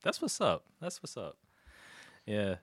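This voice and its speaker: A man's voice: lowish voice, huge pitch swings, measured pace, no echo, clean studio sound. A man in his thirties hosting a podcast in a casual chat, laid-back and teasing, with lots of fillers. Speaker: podcast host.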